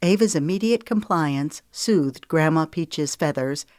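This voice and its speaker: A woman narrating a romance novel in an even, measured reading. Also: deep voice, dry recording, studio quality. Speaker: audiobook narrator. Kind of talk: scripted storybook narration.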